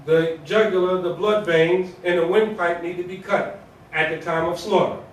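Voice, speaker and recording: A man's voice: sits high, fairly even intonation, normal speed. A man giving a Friday sermon as imam, preaching in a colloquial, conversational way with rhetorical questions and repetition. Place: mosque prayer hall. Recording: echoey hall, voice from far off.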